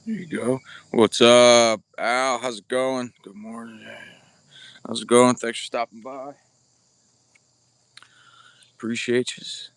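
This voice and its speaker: Outdoors at an archery practice spot, a man hosts a casual bowhunting livestream, chatting bluntly and greeting viewers by name. His mid-range voice is flat and slow, with long pauses. The dry audio comes from a camera mic with no external microphone.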